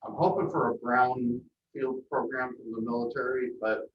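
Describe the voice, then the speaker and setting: A man speaking at a public meeting as airport manager, plainspoken and hesitant with frequent pauses. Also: mid-range voice, little pitch movement. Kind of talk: meeting discussion. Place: council meeting room. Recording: echoey, distant, muffled meeting audio.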